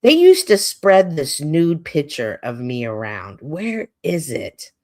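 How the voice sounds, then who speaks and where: A woman hosting her own livestream, speaking from a home streaming setup. Her voice sits on the lower side but swings widely in pitch. She is animated and expressive, and laughs often as she talks. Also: slow pace. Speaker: livestream host. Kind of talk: casual livestream monologue.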